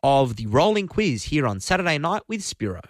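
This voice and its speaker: Upbeat radio host. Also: male voice, a little high, big pitch swings, no room sound, studio quality. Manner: upbeat, friendly and brisk. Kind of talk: live talk radio quiz. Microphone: studio microphone.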